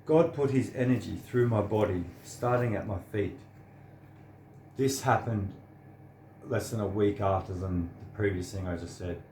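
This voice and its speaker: A man's voice: lowish voice, measured pace, darkish tone, roomy sound, a little hiss or hum. An earnest, sincere man, giving a preachy personal monologue to the camera. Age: 30s. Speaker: vlogger.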